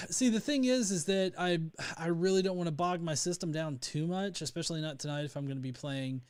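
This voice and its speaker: A man's voice: a little high, fairly quick, clear, resonant tone. A young man from North Alabama hosting a casual livestream, rambling with many fillers and restarts. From North Alabama, USA. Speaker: livestream host.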